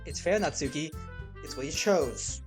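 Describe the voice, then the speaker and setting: A man voicing a composed young woman who leads a club and speaks calmly and reasonably. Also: a little high, moderate pace, music in the background, close to an everyday voice.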